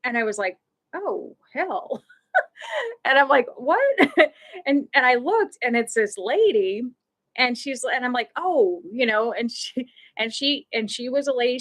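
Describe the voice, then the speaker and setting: A woman's voice: a little high, fairly bright tone. A middle-aged woman hosting a live stream, telling a casual story in a rambling way, restarting often and laughing as she goes.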